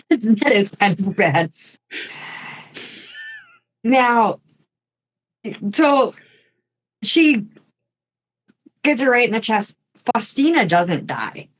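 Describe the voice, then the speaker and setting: Slow, chatty woman telling a crime story. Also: on the high side, big pitch swings, rough recording. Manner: chatty, jokey asides while telling a grim story. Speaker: podcast host. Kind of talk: casual true crime storytelling.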